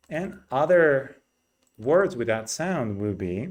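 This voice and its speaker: Man teaching vowel sounds, unhurried. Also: medium pitch, sing-song. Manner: explains slowly, demonstrates vowel sounds by repeating them. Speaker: English pronunciation teacher. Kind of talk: teaching a pronunciation lesson.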